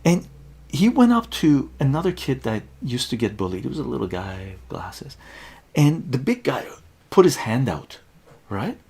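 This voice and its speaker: A man's voice: mid-range voice, a little slow, gravelly, breathy edge. A middle-aged man from Iran, telling profane stories in a casual livestream and checking in with "right?". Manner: animated, profane, conversational with frequent "right?". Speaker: streamer.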